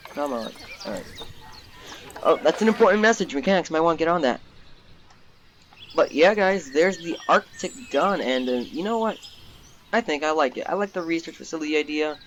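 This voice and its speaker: A young man giving casual, rambling commentary while playing a zoo game, getting excited easily. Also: fairly high pitch, slight background noise. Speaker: gaming YouTuber. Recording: background game music.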